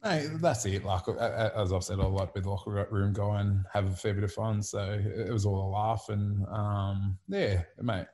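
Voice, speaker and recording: A man's voice: lowish voice, steady tone, moderate pace, hardly any pauses, a little mellow, no room sound. A man in his thirties with an Australian accent, a former rugby league player chatting laid-back on a podcast, full of fillers and casual swearing. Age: 30s. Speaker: retired rugby league player, interview guest.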